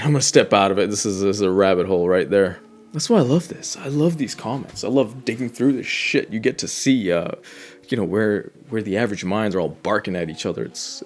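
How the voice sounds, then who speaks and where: A man giving blunt, ranting reaction commentary on online comments and swearing freely. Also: fairly low pitch.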